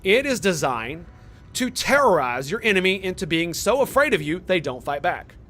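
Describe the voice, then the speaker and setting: A man retelling the words of a calm male military commander who lectures his allies firmly. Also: high-pitched, moderate pace, soft background music. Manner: calm, firm explaining.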